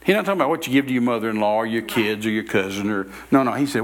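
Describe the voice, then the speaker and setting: A male preacher telling stories in a sermon-style talk, animated, acting out quoted dialogue and often repeating his words. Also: fairly low pitch, very fast.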